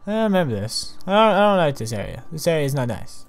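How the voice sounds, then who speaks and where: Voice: mid-range voice, big pitch swings, quick pace. A gamer giving casual, rambling commentary while playing, chatting to the animals and mobs along the way. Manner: chatty, fumbling restarts.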